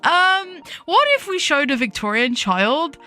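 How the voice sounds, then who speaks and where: A woman's voice: high voice, big pitch swings, measured pace, sharp tone. A young woman streaming as a VTuber, chatting casually while she draws, giggling often, swearing freely and poking fun at herself. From United Kingdom.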